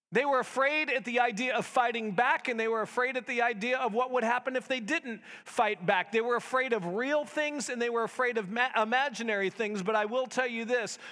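A man's voice: very high voice, sharp tone, big-room sound. A man preaching a conversational sermon in a church, with casual asides to the congregation. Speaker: pastor. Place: church sanctuary.

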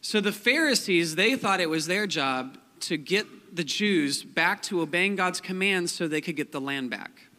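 Casual young preacher in a big hall. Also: male voice, high voice, expressive, a little slow, few pauses, pushed and bright. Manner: chatty, joking, many fillers like "like" and "um". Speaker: pastor. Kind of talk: casual sermon. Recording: long hall reverb.

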